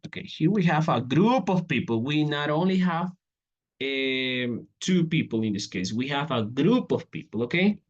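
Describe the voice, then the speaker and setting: A man's voice: on the high side, animated, moderate pace, muffled recording. A man teaching an English grammar lesson, reading out examples and checking in with "okay?" after each step. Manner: repeats "okay?" often, walks through examples on a board.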